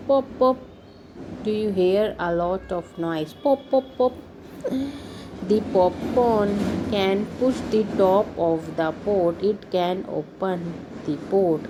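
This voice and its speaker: A woman reads simple children's stories aloud for a lesson, commenting as she goes and clearing her throat now and then. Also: on the low side, background noise. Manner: slow, deliberate reading with little comments and throat clearing. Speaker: English teacher for children.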